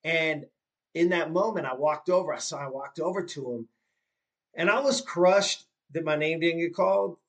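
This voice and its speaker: Animated fifty-year-old storyteller. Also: male voice, on the high side, moderate pace, highs cut off. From Southern California. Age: 50s. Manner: animated, repeats himself when moved, acts out his mom's lines. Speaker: guest. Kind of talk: storytelling in a podcast conversation.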